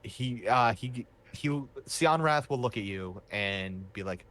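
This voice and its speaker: A man's voice: fairly low pitch, expressive, slow pace, hardly any pauses, a bit bright. A man running a tabletop game as game master, narrating loosely with many fillers.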